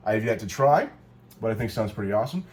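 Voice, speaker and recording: Over background music, a man with a lowish, expressive voice talks fast as he casually shows how to make a cocktail at home. He's a co-host of a cocktail video, and his delivery rambles, with jokes and self-corrections along the way.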